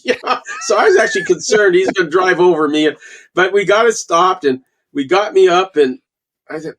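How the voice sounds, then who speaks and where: Older man, from canada, higher-pitched voice, animated storyteller, podcast guest. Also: moderate pace. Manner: animated storyteller, acts out quotes. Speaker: guest falconer. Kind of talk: casual storytelling interview.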